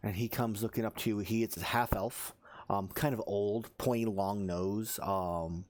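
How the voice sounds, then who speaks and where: A man's voice: lowish voice, fairly even intonation, normal speed, a little mellow. A man narrating as game master, rambling with many fillers.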